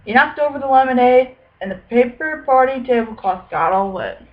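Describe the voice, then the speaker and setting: A woman's voice: high voice, expressive, moderate pace. Young woman teaching a class, dull recording. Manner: clear, teacherly. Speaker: student teacher. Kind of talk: picture-book read-aloud and lesson.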